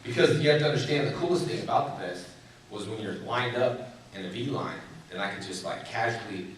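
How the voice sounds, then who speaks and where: A man's voice: lowish voice, lively intonation, fairly quick. A man in his thirties telling stories at a convention Q&A, laughing often and slipping into playful quoted voices. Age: 30s. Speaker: convention panel guest. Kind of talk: animated con Q&A storytelling. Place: large convention hall. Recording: echoey hall, heard from a distance, crowd noise.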